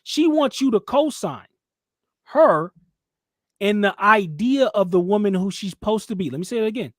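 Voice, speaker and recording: Animated and speaking at a moderate pace, a male podcast host with a high voice launches into heated commentary. He lectures with heavy emphasis and mocks others in squeaky put-on voices, all captured in a close, dry recording.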